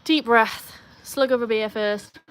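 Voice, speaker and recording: A woman's voice: on the high side, fairly even intonation, slow, fairly bright tone, clean tone. A woman from the UK with a British accent, hosting a casual livestream at home, chatting upbeat and rambling while reading viewer comments aloud and talking to her dogs. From United Kingdom. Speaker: livestream host.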